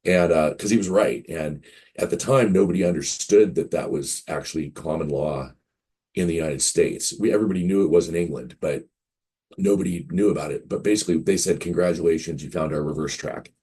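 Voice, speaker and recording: Man, fifties, low voice, breathy rasp, casual interview, rambling anecdotes, acts out quotes. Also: fairly quick, warm tone. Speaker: game publisher guest.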